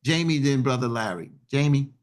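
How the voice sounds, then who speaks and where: A man's voice: mid-range voice, animated, moderate pace. A man hosting a talk radio discussion, speaking bluntly and with fiery indignation. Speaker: radio host.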